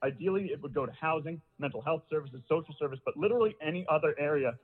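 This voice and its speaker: A man's voice: fairly high pitch, fast talker, slightly rough. Breathless man on a phone line. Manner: insistent, frustrated. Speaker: public caller. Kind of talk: public comment by phone. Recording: phone line with long reverb.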